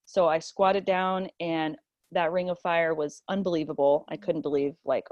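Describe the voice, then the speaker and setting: A woman guest telling a personal story in conversation, animated and full of fillers, acting out the quotes. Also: sits low, normal speed, no room sound. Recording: dull, lo-fi, dry.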